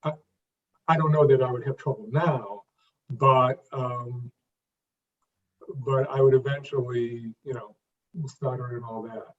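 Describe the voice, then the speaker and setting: A man in his fifties, an interview guest, speaking in a halting way with restarts and repeated words, then landing his phrases with emphasis. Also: medium pitch, fairly even intonation. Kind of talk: conversational interview. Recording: distant, dull lo-fi sound.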